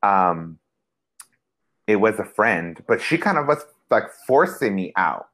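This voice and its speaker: Animated young man telling stories. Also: lowish voice, slow. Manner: animated storyteller, acts out quoted voices, heavy use of "like". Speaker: podcast co-host. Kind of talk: casual chat.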